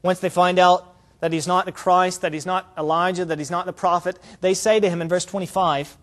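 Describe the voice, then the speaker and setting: High-voiced man preaching a sermon. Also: fast, hardly any pauses, fairly bright tone. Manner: earnest, explanatory, paraphrases scripture with emphatic asides.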